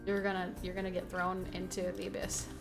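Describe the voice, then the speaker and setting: A woman's voice: lowish voice, monotone, fairly quick. Chatty woman streamer, game music behind. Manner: chatty, scolds and pleads with the game animals, laughs at herself. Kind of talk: live gameplay stream commentary.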